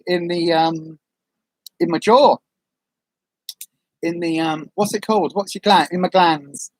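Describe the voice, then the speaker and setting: A woman's voice: on the low side, no room sound. A woman chatting casually on a livestream, reading out viewer comments in a rambling, friendly way with lots of ums. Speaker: vlogger, livestream host.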